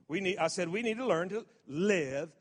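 A man with a high voice preaches a sermon at a service, repeating and restarting words before punching out emphatic lines. His voice rings with the long reverb of a church hall. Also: lively intonation, normal speed. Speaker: pastor.

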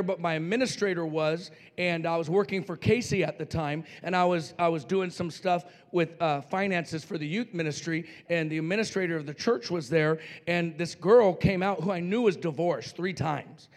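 A middle-aged male pastor from New Mexico telling a story in a sermon, playfully acting out voices and swinging from quiet asides to shouting. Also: a little high, normal speed, few pauses. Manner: playful, acts out voices in his stories.

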